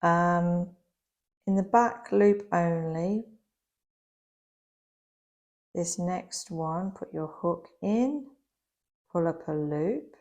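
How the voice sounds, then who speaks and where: A crochet instructor with a lowish, darkish voice, captured on dull audio, walks through a craft tutorial step by step with slow patience. Her voice is a little worn, as though going.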